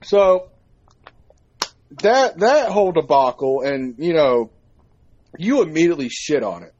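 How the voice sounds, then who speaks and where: A man telling a story in a casual chat, profane and animated as he recounts it. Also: a little high, unhurried, lo-fi sound, a little hiss or hum. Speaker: podcast co-host.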